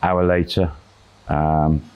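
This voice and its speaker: Deep-voiced man casually telling a story. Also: little pitch movement, slow pace, smooth, muffled recording. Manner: rambling, unscripted retelling with fillers and quoted dialogue.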